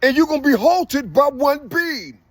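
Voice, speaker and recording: A man's voice: very high-pitched, lively intonation, normal speed, no room sound. A man giving a loose spiritual monologue, preachy and slangy, with "you see" in nearly every line.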